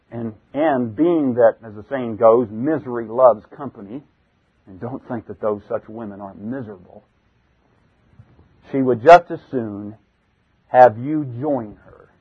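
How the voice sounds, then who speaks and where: A man's voice: mid-range voice, husky, muffled recording. A man teaching through Bible verses, reading passages aloud and explaining them with asides and self-corrections.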